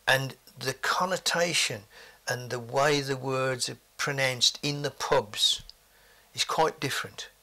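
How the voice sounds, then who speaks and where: A man's voice: medium pitch, slow, pushed and bright. An older man, reminiscing forthrightly in an interview with blunt asides.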